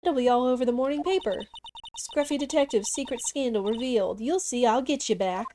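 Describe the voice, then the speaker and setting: A woman voicing a brash young female reporter with a Southern US accent, loud and pushy. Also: high voice, a little fast, slight background noise, lightly acted. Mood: indignant.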